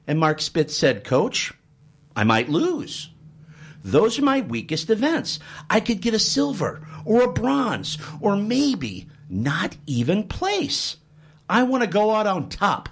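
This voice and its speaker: Man, radio host, high animated voice, joking storyteller, studio mic. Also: unhurried, slightly rough. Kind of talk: radio talk show, storytelling intro. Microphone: studio microphone.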